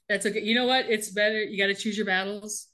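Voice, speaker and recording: A woman's voice: mid-range voice, pushed and bright. A woman co-hosting a podcast, animatedly retelling a TV episode in casual chat and laughing often. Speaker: podcast co-host recapping a TV show.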